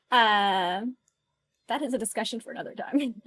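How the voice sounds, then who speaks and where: A woman's voice: a little high, measured pace, fairly bright tone. A woman co-hosting a podcast, chatty and a little hesitant, musing aloud in casual fan chat. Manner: chatty, hesitant, with many fillers. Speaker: podcast co-host.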